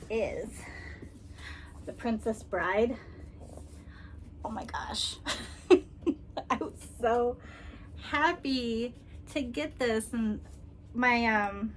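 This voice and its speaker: A woman vlogger talking casually and tenderly, with frequent ums and soft laughs, near tears. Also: mid-range voice, a little hiss or hum. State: emotional, holding back tears. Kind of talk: casual personal vlog.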